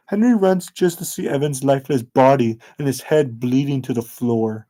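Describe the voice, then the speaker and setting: A man narrating a fan-made story in a plain, slightly halting reading voice. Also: mid-range voice, lively intonation, warm tone.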